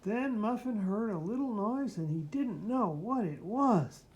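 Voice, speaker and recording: Woman, unhurried storybook reader for a small child, playful sound mimicry, faint hiss behind. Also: mid-range voice, lively intonation, a little mellow, muffled recording. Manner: playful, mimics sounds and asks the listener questions. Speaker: reader reading a picture book to a child. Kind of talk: reading a children's book aloud.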